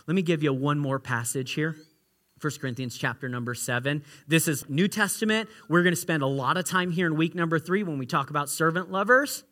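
A male pastor preaching with a high, bright voice and a cutting edge. His delivery is animated and playful, full of joking asides. He swings from loud, excited bursts down to quiet, hushed moments. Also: brisk. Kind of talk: sermon.

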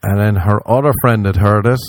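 Speaking a little fast in a lowish voice, a man rambles casually through a profane tale, voicing both his own lines and other people's with animation. The audio has no echo.

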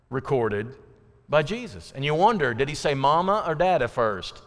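A man's voice: a little high, sing-song, moderate pace. Man teaching a group in a reverberant hall. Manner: conversational, asks the audience questions, many fillers and restarts. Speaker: Bible study teacher.

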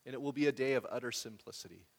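A man's voice: mid-range voice, very fast, gravelly. Guy preaching, chatty storytelling, echoey church hall. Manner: conversational storytelling, animated when quoting others. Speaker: pastor. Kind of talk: sermon.

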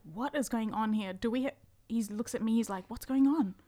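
A woman on a podcast telling an animated story, acting out the people in it. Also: fairly high pitch, a little fast. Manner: animated storyteller, acts out voices in quotes. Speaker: podcast guest, musician. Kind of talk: casual chat, storytelling.

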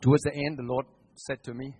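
A middle-aged man preaches a guest sermon with a husky, slightly breathy voice. He tells his story with animated emphasis, dropping to near-quiet and then rising loud, often restarting a phrase mid-thought. His voice sits in an ordinary male pitch. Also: brisk. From Singapore.

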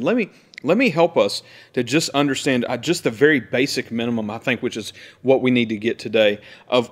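A man preaching in a relaxed, talky way, circling back and repeating himself as he unpacks a passage. When he reads the verses aloud he slows right down and weighs each word. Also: medium pitch. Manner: conversational, explains verses with repetitions and restarts; reads scripture slowly and deliberately. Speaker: pastor. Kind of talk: sermon.

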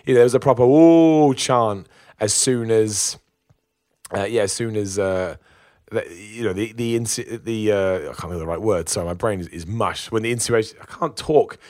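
A man's voice: fairly low pitch, normal speed, darkish tone, no echo, clean studio sound. A man giving a chatty, opinionated spoken review of a wrestling show, with laughs and restarts.

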